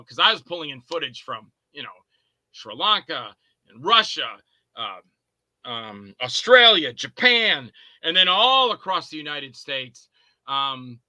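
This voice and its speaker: High-voiced rambling man telling stories. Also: big pitch swings, moderate pace, bright, forceful tone, no echo, low-quality recording. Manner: rambling storyteller, acts out scenes in character voices. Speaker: filmmaker guest. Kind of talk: casual anecdotes.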